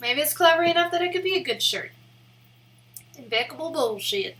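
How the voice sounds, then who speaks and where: A woman's voice: very high-pitched, fast, pushed and bright. A young woman streaming live, rambling in a casual, giggly way with lots of "like" fillers. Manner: rambling and giggly, heavy use of "like".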